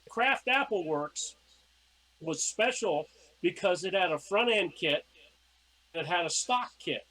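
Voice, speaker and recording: A man's voice: high voice, animated, unhurried, sharp tone, low-quality recording. A middle-aged man, a podcast guest, telling casual stories and acting out his own past lines. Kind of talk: casual storytelling.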